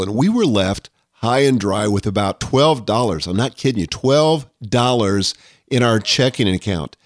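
A man's voice: mid-range voice, no echo, clean studio sound. An older man hosting a podcast, speaking in an earnest, reflective scripted monologue. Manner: earnest, reflective, reads quotes aloud. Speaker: podcast host.

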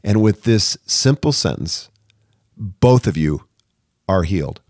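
A man's voice: low-pitched, animated, slow, darkish tone, no room sound, studio quality. A man hosting a podcast, speaking in an earnest, direct way and acting out sample apologies. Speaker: podcast host. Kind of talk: conversational podcast advice.

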